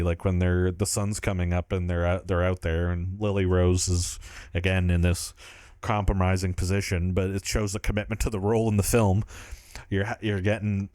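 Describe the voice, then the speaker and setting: A man's voice: sits low, darkish tone, dry recording, studio quality. A man co-hosting a film podcast, talking casually and enthusiastically, rambling and laughing often. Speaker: podcast co-host.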